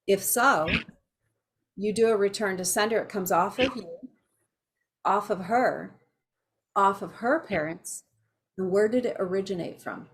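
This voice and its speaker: A woman's voice: medium pitch, a little slow, long pauses, husky. Chatty woman teaching a healing class. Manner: chatty, animated storytelling with asides. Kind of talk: casual teaching to a small class.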